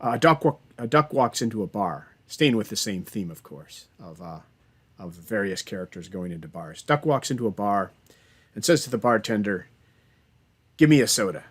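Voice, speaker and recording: A man's voice: on the low side, expressive, moderate pace, a bit bright, breathy edge. A man giving a remote college lecture over a video call, chatty, often restarting his sentences and telling corny jokes.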